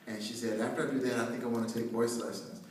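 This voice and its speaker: A man's voice: mid-range voice, fairly even intonation, quick pace, a little hiss or hum. A man from North Carolina gives a joking, conversational pep talk to students. His voice carries from a distance across a very echoey hall, with faint room ambience behind it. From North Carolina, USA. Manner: conversational and joking, with many restarts. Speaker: motivational speaker addressing students. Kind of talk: inspirational speech.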